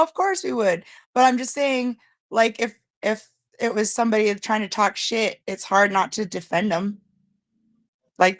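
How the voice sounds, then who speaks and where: A woman hosting a casual livestream, talking bluntly and rambling with plenty of swearing, her greetings to viewers jumping up high and excited. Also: dry recording. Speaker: livestream host.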